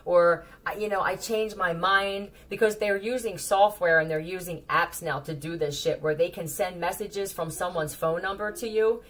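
A woman with a Philadelphia accent giving a casual tarot reading, blunt and profane, with animated warnings to her viewers. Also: lowish voice, normal speed, few pauses. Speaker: tarot reader.

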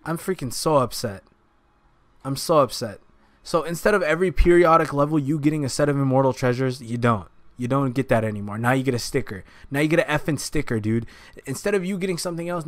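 A man's voice: on the high side, no room sound. A man giving heated commentary while streaming from his gaming computer, ranting angrily and swearing often. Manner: angry ranting, frequent swearing.

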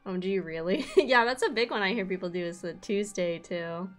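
Young woman streamer, casual and excitable, mid-range voice, faint game music behind. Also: mid-range voice, fairly quick. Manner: bubbly, excitable, chatty with chat.

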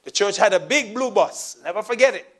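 High-voiced pastor telling a story in a sermon. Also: male voice, lively intonation, brisk. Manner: storytelling, shifts between soft asides and raised emphatic lines.

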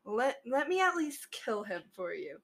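A woman's voice: fairly high pitch, very animated, unhurried, a bit bright, heavily acted. A woman voicing a courteous bronze dragon. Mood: apologetic. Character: mind-controlled bronze dragon, polite and skeptical.

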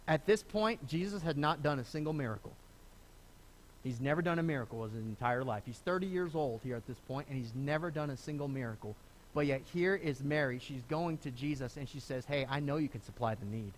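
A middle-aged man preaching a sermon as pastor, conversational and animated, often restarting phrases and acting out the people he quotes. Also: medium pitch, brisk, a little hiss or hum. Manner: lively, conversational preaching with repeated starts and acted quotes. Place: church sanctuary.

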